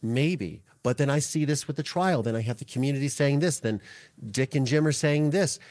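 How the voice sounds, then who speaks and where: Earnest, halting man in his forties. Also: medium pitch, a little mellow. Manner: halting, many restarts, earnest. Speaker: interview guest. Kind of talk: emotional podcast interview.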